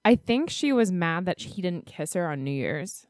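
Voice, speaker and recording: A woman's voice: fairly low pitch, sing-song, moderate pace, a little mellow, dry recording, clean studio sound. A woman co-hosting a podcast in casual chat, talkative and self-mocking. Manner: chatty, self-mocking, giggly. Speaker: podcast co-host.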